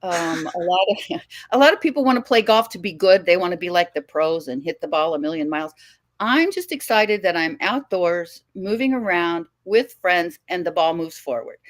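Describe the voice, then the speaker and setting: A woman's voice: lowish voice, expressive, moderate pace. Reflective older woman from the Midwest. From American Midwest. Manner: reflective, chatty, with frequent restarts and light laughs. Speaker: podcast guest. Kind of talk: casual conversational interview.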